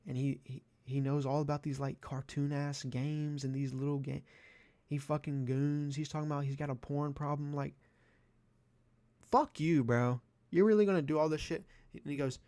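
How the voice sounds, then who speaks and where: A man's voice: fairly high pitch, moderate pace, darkish tone, dry recording. A young man ranting in a vlog, profane and exasperated, with a sarcastic edge. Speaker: vlogger. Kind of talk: ranting commentary.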